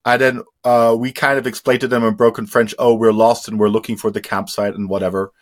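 A man's voice: fairly low pitch, flat delivery, brisk. Candid man telling a story with swearing. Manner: candid, swears freely, many fillers. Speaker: interview guest. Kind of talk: casual storytelling.

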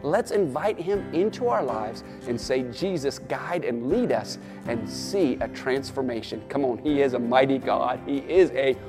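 Rousing pastor preaching with long reverb. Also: male voice, medium pitch, lively intonation, unhurried, few pauses, music in the background. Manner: rousing, urges listeners with repeated "come on". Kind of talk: sermon. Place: church or studio, preaching to an online audience.

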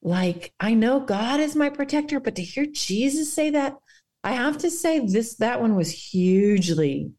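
Earnest woman guiding a quiet prayer. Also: a little high, lively intonation, a little slow. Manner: earnest, guides listeners through a quiet prayer exercise. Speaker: podcast guest. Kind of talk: faith podcast talk with guided reflection.

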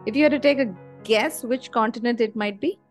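Casual, high-ish woman's voice, enthusiastic podcast host, light music behind. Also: a little fast. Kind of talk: casual chat.

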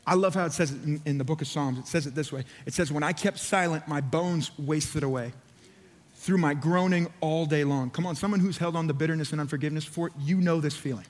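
Male pastor, fervent preaching, slightly high voice, long church-hall echo. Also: brisk. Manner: fervent, urging, repeats phrases. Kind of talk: sermon. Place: church auditorium.

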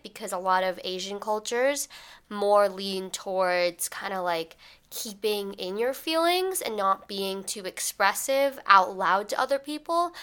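Bright, chatty young woman podcaster. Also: medium pitch, clean tone. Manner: casual, chatty, animated storyteller with many fillers. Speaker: podcast host. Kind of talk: solo podcast monologue.

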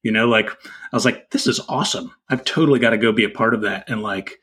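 Husky man telling a casual story. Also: lowish voice, fast. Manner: relaxed storytelling, many fillers. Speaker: podcast co-host. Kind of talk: casual chat.

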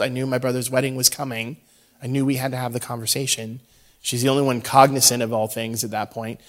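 A man's voice: mid-range voice, fairly bright tone. A man in his thirties giving a conversational, humorous sermon, telling a story about talking with his young daughter. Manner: conversational and humorous, acts out quoted dialogue. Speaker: speaker, father.

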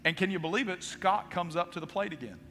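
Male pastor, dramatic storyteller, bright ringing voice, long reverb of a hall with faint music under him. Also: sits high, animated, fast talker, a little hiss or hum. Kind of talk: sermon.

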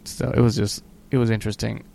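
Gravelly-voiced man rambling crudely. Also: fairly low pitch, flat delivery, fast talker, dark tone. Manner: rambling, profane, acts out quoted people. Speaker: podcast co-host. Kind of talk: casual crude chat.

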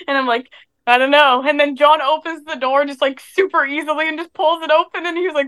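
High-voiced woman telling a rambling story. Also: a little fast, fairly bright tone. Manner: rambling storyteller, laughs often. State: sick. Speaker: podcast co-host. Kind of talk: casual chat.

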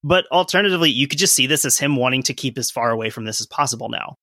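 A man's voice: medium pitch, expressive, rapid-fire, pushed and bright, no echo, clean studio sound. A man co-hosting a casual history podcast, explaining events and reading from sources with offhand asides. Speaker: podcast co-host.

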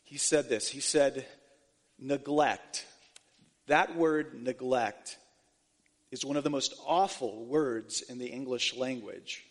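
A man's voice: mid-range voice, takes it slowly. A man preaching a sermon earnestly, often restarting phrases as he explains scripture. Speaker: pastor. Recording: long hall reverb.

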